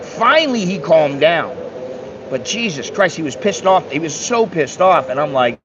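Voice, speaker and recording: American guy ranting through a travel story, kinda high voice, swears a lot, dull muffled audio. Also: sing-song, moderate pace. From United States. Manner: blunt, swearing, acts out dialogue. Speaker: travel vlogger. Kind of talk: casual storytelling monologue. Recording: dull lo-fi sound with faint hum.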